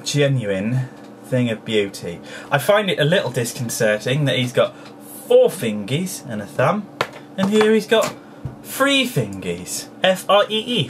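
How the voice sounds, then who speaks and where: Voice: mid-range voice, far from the mic. Toy vlogger at home, goofy kiddy talk, voice all over the place, bit of hiss. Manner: playful, put-on broken childlike grammar, squeals with excitement. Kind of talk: casual toy review to camera. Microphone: camera close up.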